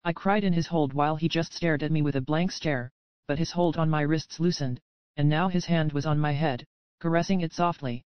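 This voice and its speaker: A woman narrating a dark romance audiobook in the first person with a steady, even reading. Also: deep voice, a little fast, smooth, dry recording, muffled recording.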